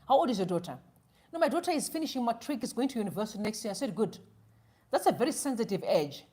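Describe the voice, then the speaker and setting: A woman hosts an opinionated live stream in a high, lively voice that swoops up and down. She tells stories by playing both sides of a conversation and drops Shona phrases into her English. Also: quick pace. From Zimbabwe. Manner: animated storytelling, acting out both sides of a conversation.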